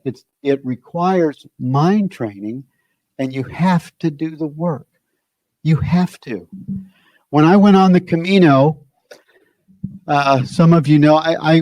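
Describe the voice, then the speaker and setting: A man's voice: fairly high pitch, dark tone, no echo. A man giving an informal spiritual teaching talk, conversational and searching, often circling back on his phrases.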